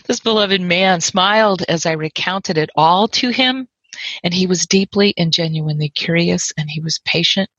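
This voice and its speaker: A woman with a low, husky voice and a gravelly edge tells a personal story. She is reflective and wry, and she savors long lyrical lists. The recording is dry and somewhat muffled. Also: a bit bright, dry recording.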